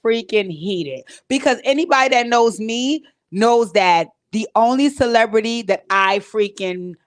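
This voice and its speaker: Her voice a little high and her pace measured, a woman hosts a casual at-home live stream from a home recording space. She talks straight to her viewers with emotion and is tearful at moments.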